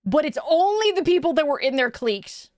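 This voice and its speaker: A young woman from Quebec, Canada, chatting casually on a live stream, animated and swearing, with many fillers. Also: high-pitched, a little fast, no echo, clean studio sound.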